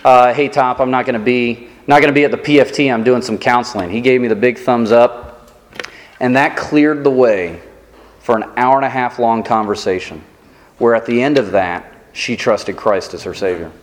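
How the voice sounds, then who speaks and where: A man preaching a sermon as pastor, telling self-deprecating stories in a lively, animated way. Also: mid-range voice, in a large hall.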